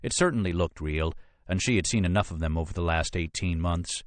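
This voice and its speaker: A man reading a thriller audiobook in measured, expressive scripted narration. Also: low-pitched, no echo.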